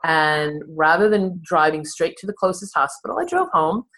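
Low-voiced woman in her sixties. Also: big pitch swings, moderate pace, a bit bright. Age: 60s. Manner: candid, self-deprecating, laughs at herself. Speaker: therapist and podcast guest. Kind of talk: conversational interview storytelling.

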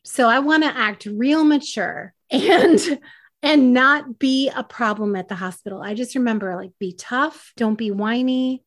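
Woman podcast guest with a fairly high voice, candid and self-mocking as she tells a personal story. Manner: candid, self-deprecating, laughing at herself.

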